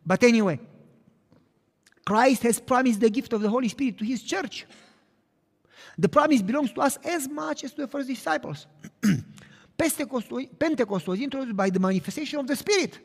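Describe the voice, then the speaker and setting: Earnest male preacher, higher voice, emphatic then hushed; recorded with long hall reverb. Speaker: pastor. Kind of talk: sermon.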